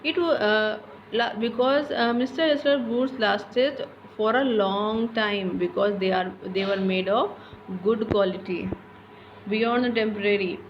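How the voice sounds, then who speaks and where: A woman explaining a literature lesson, halting with many fillers and restarts. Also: medium pitch. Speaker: teacher. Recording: dull lo-fi with faint noise.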